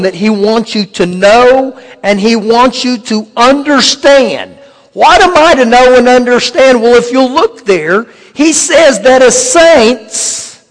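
A man preaching a sermon as pastor, repeating key phrases and slowing down to stress words. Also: very high voice, in a large hall, low-quality recording.

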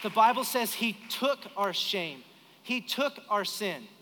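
Man, 30s, pastor, high bright voice, animated storytelling, live church hall reverb. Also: takes it slowly, background noise. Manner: storytelling, animated, acts out dialogue. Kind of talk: sermon. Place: church sanctuary during live service.

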